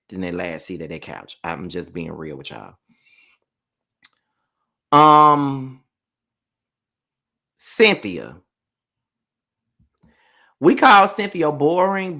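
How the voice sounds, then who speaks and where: A man's voice: mid-range voice, pushed and bright. A man casually reviewing a reality show on his channel and grading each cast member. He talks loosely and bluntly, with plenty of ums. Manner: loose and chatty, hands out grades with frequent ums; blunt, candid opinions. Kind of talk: casual live review commentary.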